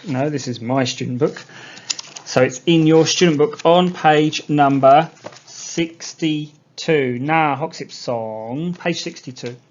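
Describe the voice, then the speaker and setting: A man teaching an English lesson to young learners, explaining slowly and repeating key words. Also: fairly high pitch. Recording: dull lo-fi sound.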